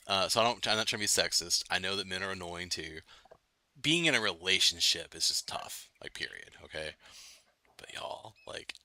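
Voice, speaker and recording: A man with a deep but bright, forward voice talks loosely to his chat on a late-night livestream. He rambles, restarts and laughs easily, filling gaps with likes and ums. The sound is dry and close, with no room around it. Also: dry recording. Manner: loose and chatty, lots of fillers, laughs often. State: itchy nose. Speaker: livestream host. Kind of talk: casual gaming livestream chat.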